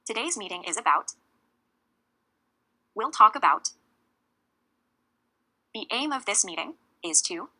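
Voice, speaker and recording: Bright, clear woman teaching a lesson. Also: medium pitch, big pitch swings, rough recording. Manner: clear, measured delivery with deliberate emphasis on key words. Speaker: English teacher. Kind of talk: scripted lesson narration.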